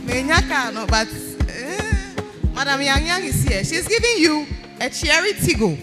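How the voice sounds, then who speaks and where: An event host with a Ghanaian accent eagerly and repeatedly coaxes audience members to come up during a live event where music plays faintly. Her high-pitched voice swings widely in pitch, and she moves at a moderate pace.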